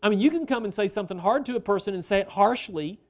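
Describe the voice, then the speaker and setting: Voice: medium pitch, lively intonation, fast. A pastor preaching a sermon in a conversational way, often asking the congregation questions and stretching out key phrases for emphasis.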